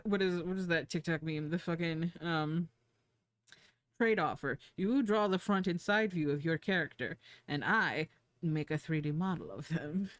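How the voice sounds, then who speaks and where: A woman streamer chatting casually, rambling and giggling, with casual swearing and playful baby talk, her pitch leaping high when she gets excited. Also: moderate pace, dry recording. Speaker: streamer and 3D artist.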